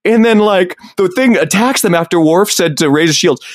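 Young guy cohost, super lively voice going up and down, laughs through his words, dry sound. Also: high voice, normal speed, dry recording. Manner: laughing, animated storytelling with swearing. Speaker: podcast co-host. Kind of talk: casual chat recapping a TV episode.

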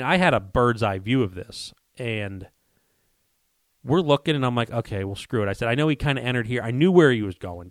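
Man, mid-pitch, dry close sound, animated storyteller who acts out dialogue. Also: no echo. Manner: animated, acts out quoted dialogue, frequent restarts. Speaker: guest telling a hunting story. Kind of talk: casual storytelling on a podcast.

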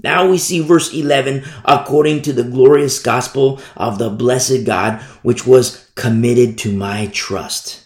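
With a medium-pitched, steady voice, this pastor speaks a little slowly and barely pauses, his words echoing in a reverberant space. He teaches verse by verse through the Bible in an expository sermon, repeating phrases and posing rhetorical questions.

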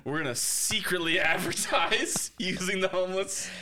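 A man co-hosting a comedy podcast, reacting with quick banter and frequent laughter. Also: high-pitched, bright, forceful tone. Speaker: podcast co-host. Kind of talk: casual comedy podcast chat.

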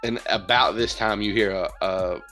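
A man's voice: on the low side, steady tone, moderate pace, bright, forceful tone, faint music behind. A man narrating as game master in a casual tabletop role-playing session, often laughing.

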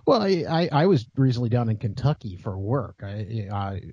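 Mellow, husky man telling stories. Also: medium pitch, very animated, moderate pace, no room sound. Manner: rambling, stumbles and restarts, storytelling. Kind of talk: casual chat. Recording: dull lo-fi sound.

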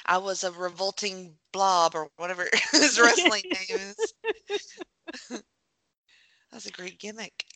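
This woman co-hosts a laid-back podcast where they watch movies together, and she responds fast and playfully. Her mid-range voice is bright and forceful with lively intonation. The audio is close and dry, with no echo.

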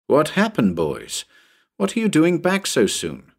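A man's voice: fairly high pitch, huge pitch swings, measured pace, vocal fry, husky, voice pushed up, exaggerated voice. A man voicing an anxious middle-aged male office boss who talks in a worried, shaken way.

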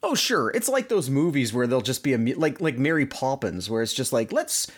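Chatty man with lively pitch. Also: a little fast. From Canada. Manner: chatty, joking, many fillers like "you know". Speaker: podcast co-host. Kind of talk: casual chat.

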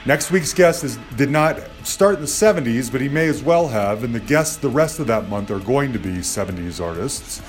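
A man's voice: medium pitch, lively intonation, normal speed, hardly any pauses. Rambling friendly male podcast host. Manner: friendly, rambling, agreeable, filler-heavy. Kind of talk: casual podcast chat and outro. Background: music.

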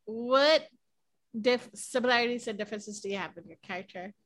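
A woman's voice: on the high side, brisk. A woman interviewing an actor in a chatty way, laughing easily and using many fillers. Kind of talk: casual interview chat.

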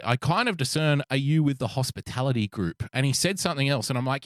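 A man's voice: mid-range voice, expressive, quick pace, dry recording, studio quality. A man co-hosting a podcast, telling a long, profane, rambling anecdote in casual chat. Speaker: podcast co-host.

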